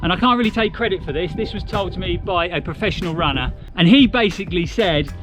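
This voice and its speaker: A man's voice: high-pitched, fast talker. A man giving casual, encouraging running advice to camera as a vlogger. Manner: chatty and encouraging. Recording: music playing behind.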